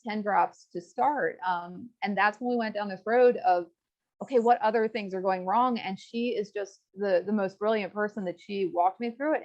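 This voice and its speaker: A young woman tells her own story as an interview guest, frank and earnest, often acting out what others said to her. Her voice sits in a middle register. The audio is a bit dull and lo-fi. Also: medium pitch. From rural Virginia. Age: young adult. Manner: earnest, frank, quotes others in lively asides.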